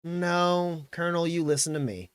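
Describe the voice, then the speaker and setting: A man's voice: on the high side, smooth, no room sound, voice pushed up, close to an everyday voice. Guy doing a chill confident sheriff, easy drawl, dry close sound. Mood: cool. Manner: casual, unhurried drawl. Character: laid-back, confident male frontier sheriff.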